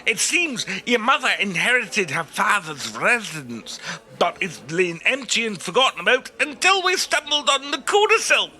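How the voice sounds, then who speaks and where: Brief: male actor as fussy, formal solicitor, high, very bright voice. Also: very animated, normal speed, exaggerated voice. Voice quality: precise, formal. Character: prim, patient male lawyer. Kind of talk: comedy audio drama acting.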